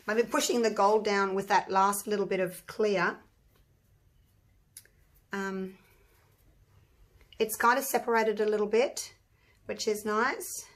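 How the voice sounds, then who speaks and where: Woman vlogger, croaky voice, chatty and thinking out loud, mid pitch, talks to viewers while crafting at home. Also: steady tone, takes it slowly, pauses often. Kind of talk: casual chat while crafting.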